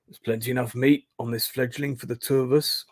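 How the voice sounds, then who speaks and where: A man's voice: mid-range voice, steady tone, fairly quick, no echo, clean studio sound, natural voice. A man doing a jovial rugged woodsman. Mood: hearty. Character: rugged friendly male woodsman, jovial host.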